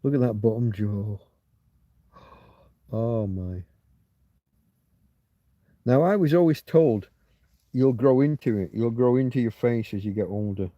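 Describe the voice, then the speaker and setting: A man's voice: mid-range voice, unhurried, pauses often, no room sound, highs cut off. A man hosting a casual livestream, chatting in a rambling, digressive way and often restarting his sentences. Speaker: livestream host. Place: home in coastal Spain.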